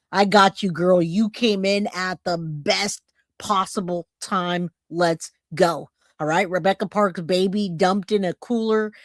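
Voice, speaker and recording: A woman's voice: fairly low pitch, no echo, studio quality. A woman hosting a true crime livestream, chatting casually, laughing and thanking viewers by name. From California.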